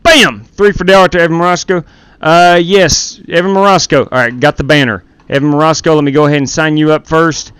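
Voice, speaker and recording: A man's voice: on the high side, steady tone, fairly quick, a bit bright, smooth. A man hosting a sim racing live stream through a gaming headset, chatting casually with viewers while running the race lobby.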